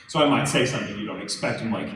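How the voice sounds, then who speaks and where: Man telling stories in an echoey hall. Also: fairly low pitch. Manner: animated storytelling, quick asides. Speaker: voice actor, panel guest. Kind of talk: convention panel talk. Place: large convention hall. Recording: echoey hall from far off with noise.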